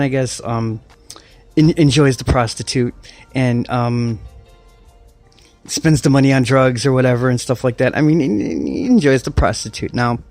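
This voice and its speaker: A middle-aged man rants casually in a rambling, mocking way, tripping over his own restarts and swearing freely. His voice sits at an ordinary middle pitch, with faint music playing behind him. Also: darkish tone. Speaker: online commentator. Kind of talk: casual rant.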